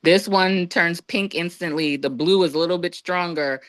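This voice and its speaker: A woman guest on a podcast, telling a personal story in a casual, lively way and acting out what others said. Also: moderate pace, no room sound. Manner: lively, acts out quoted voices with big pitch jumps.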